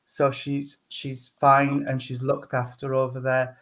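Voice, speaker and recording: A man gives a mediumship reading at a service, speaking slowly and gently. He hesitates often and fills his pauses with ums. His voice sits at a middle pitch. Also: completely flat delivery. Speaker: spiritualist medium.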